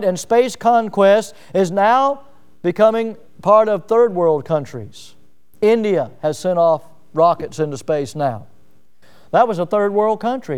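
Male preacher, high and clear-toned, reads aloud and stops to comment, stressing key words. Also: darkish tone. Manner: reads a passage then breaks off with asides and checks. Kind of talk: sermon reading and commenting on a book.

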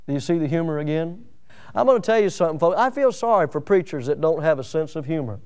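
A man preaching a sermon, animated and humorous, acting out scripture scenes. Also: sits high, fast, clear, resonant tone. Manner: animated, acts out biblical voices with humor.

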